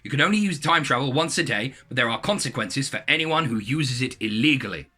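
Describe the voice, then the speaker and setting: A man's voice: mid-range voice, lively intonation, brisk, pushed and bright. A man voicing a pompous British politician making a formal televised announcement, in a British accent. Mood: officious.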